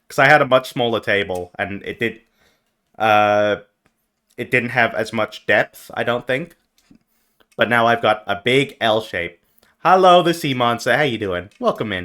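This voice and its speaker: A young man streaming as a VTuber, chatting casually with his viewers and jumping from mumbled asides to loud yelps. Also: medium pitch. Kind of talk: casual live-stream chat.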